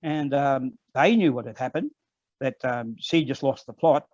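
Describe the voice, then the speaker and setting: An older man with an Australian accent, telling personal stories as a guest in an online conversation, unhurried and with frequent ums. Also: mid-range voice, darkish tone, no room sound. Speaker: guest elder. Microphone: video call. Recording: dull lo-fi online call audio.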